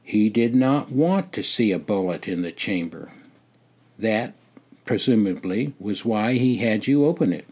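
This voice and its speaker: Slow, deliberate older male memoir reader. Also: on the low side, a little mellow, slightly rough. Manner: measured, deliberate storytelling. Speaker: memoir narrator. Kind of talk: reading a personal memoir.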